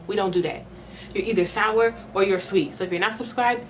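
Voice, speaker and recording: A woman's voice: medium pitch, brisk, a little hiss or hum. A young woman filming a casual vlog at home, chatting playfully with her viewers and giggling through her nerves. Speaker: vlogger. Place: small room at home under a ring light.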